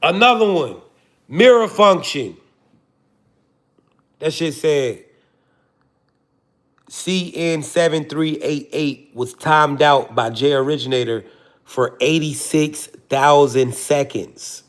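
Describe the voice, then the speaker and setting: A man's voice: fairly high pitch, takes it slowly, long pauses. A man, hosting a livestream and joking profanely to his chat before preaching his point. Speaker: livestream host. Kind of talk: casual livestream talk to chat.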